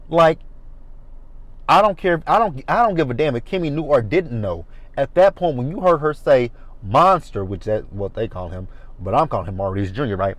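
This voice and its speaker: Man, sassy, animated reviewer, middle pitch, dry close sound. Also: normal speed, no room sound. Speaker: reality TV reviewer. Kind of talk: casual commentary.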